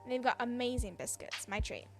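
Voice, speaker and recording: A woman reading the lines of a friendly, chatty small-town young woman from a game, with soft teasing gossip. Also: on the high side, brisk, vocal fry, over music. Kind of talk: reading game dialogue aloud.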